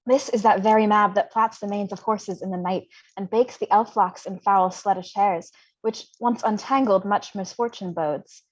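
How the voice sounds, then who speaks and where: A witty, mocking young man, read by a young woman rattles off Shakespeare verse with brisk, playful flair. Her voice sits at an ordinary middle pitch for a woman. The livestream audio is dull and lo-fi. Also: lightly acted. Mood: fanciful. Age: young adult. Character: witty, mocking young male friend Mercutio. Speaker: volunteer reader. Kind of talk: unrehearsed livestream Shakespeare reading.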